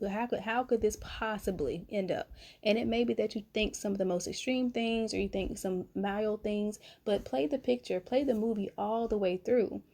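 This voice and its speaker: This North Carolina woman, a young adult vlogger, spins a story from home late at night with animated chatter and pet names like honey and baby for her viewers. Her mid-range voice carries vocal fry at a normal speed.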